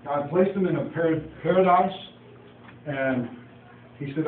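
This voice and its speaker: A man with a fairly high voice tells a Bible story as an informal preacher, folksy and full of asides. He is recorded from a distance on a phone, so the sound is thin, echoey and carries a faint hiss. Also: measured pace, long pauses, phone-quality sound.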